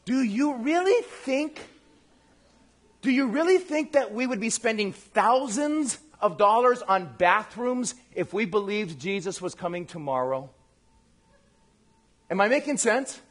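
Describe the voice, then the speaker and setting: High-voiced, animated male pastor. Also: measured pace. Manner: animated, acts out quoted voices; addresses the congregation directly. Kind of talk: lively conversational sermon.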